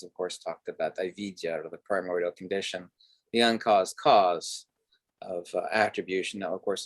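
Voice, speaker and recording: A man's voice: fairly low pitch, dry recording. A man speaking as a podcast guest, explaining ideas in a discursive, lecturing way with many fillers. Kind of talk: philosophical conversation.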